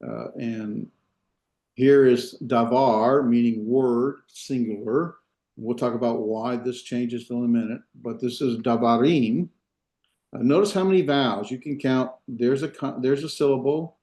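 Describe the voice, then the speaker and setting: Male instructor, mellow tone, relaxed lecture delivery full of fillers and restarts. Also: medium pitch. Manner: unhurried, many fillers and restarts, explains step by step. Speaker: Hebrew instructor. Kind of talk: classroom lecture. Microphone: video call.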